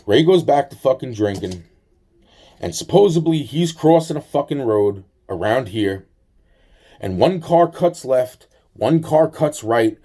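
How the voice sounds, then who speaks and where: Using a mellow mid-range voice, a man tells a profanity-laced, meandering tale about his own life, frequently starting over and playing every role in the dialogue himself.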